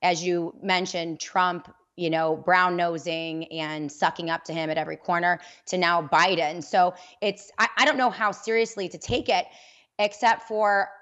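A woman's voice: fairly low pitch, fairly even intonation, normal speed, fairly bright tone, muffled recording. A woman radio host speaking as a guest on a political talk panel, candid and conversational. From New York. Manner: candid, conversational, builds loose analogies. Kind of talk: panel discussion.

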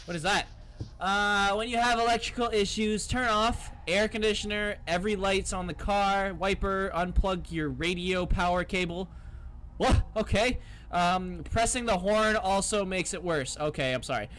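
Jumpy high-voiced man playing a horror game. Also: normal speed, slight background noise. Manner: jumpy and excitable, swearing, yelling at the game; mutters to himself, reads on-screen text aloud. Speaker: gaming YouTuber. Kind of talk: horror game let's play commentary.

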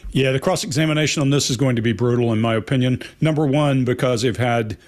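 A man's voice: mid-range voice, fast. A man commenting on a panel, blunt and emphatic, repeating his key points.

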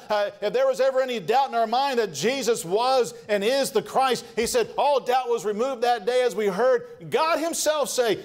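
Earnestly preaching, a male pastor whose voice sits high keeps pausing with fillers and beginning phrases again. When he reaches scripture quotes, he slows down to dwell on them.

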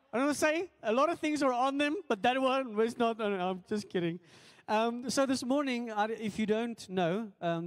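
Welcoming his congregation and reading announcements, a South African pastor speaks in a high, slightly mellow male voice. He stumbles along with many fillers and pokes fun at himself. Long reverb fills the echoey church hall where the service takes place.

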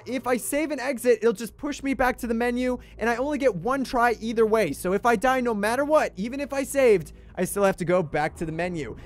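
A young man streaming a game, excitable, swinging between shouting at the game and grumbling. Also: very high-pitched. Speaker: gaming livestreamer. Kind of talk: livestream gameplay commentary.

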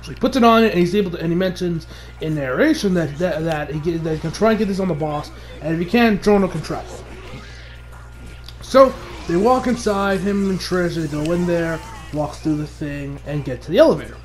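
A man giving a casual, animated episode recap, often laughing and acting out the characters' lines. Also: fairly high pitch, fairly quick, soft background music. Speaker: anime reviewer.

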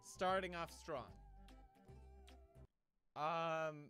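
A man's voice: sits high, very animated, slow pace, pushed and bright, soft background music. A young man hosting gaming videos, making sarcastic, mocking asides. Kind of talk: gaming commentary.

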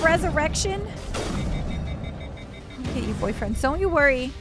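Playful high-voiced woman gaming streamer. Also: animated, unhurried, pauses often. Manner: playful, theatrical outbursts and mock grief. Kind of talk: let's play commentary. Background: game music and gunfire.

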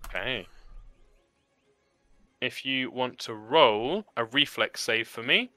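A man's voice: medium pitch, slow pace, bright, forceful tone, no room sound. A man narrating a tabletop game as game master, describing the scene vividly with fillers.

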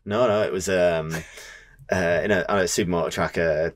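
A young man speaking as a podcast guest. His voice sits very low, and he talks in a relaxed, self-deprecating ramble with lots of fillers. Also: normal speed. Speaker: guest, motorbike racer. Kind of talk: casual chat.

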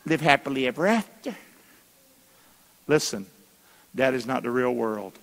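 A man's voice: medium pitch, animated, a little slow, pauses often, a bit bright. A man preaching a sermon as pastor, calling for answers from the congregation in a folksy, emphatic way. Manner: call-and-response preaching, asks the congregation to answer; folksy, emphatic delivery with colloquial asides. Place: church sanctuary. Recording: long reverb of a church hall.

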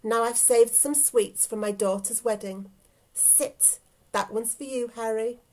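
A woman reading aloud voices a cheerful, polite little old lady in a storybook tale, in a gentle, fond manner. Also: on the high side, fairly even intonation, measured pace, close to an everyday voice.

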